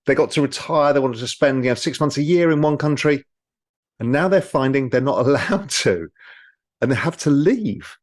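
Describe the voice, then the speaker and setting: A man, a guest in an interview, explaining with lively storytelling. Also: mid-range voice, normal speed. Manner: animated storyteller, mimics people in quotes. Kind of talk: casual interview talk.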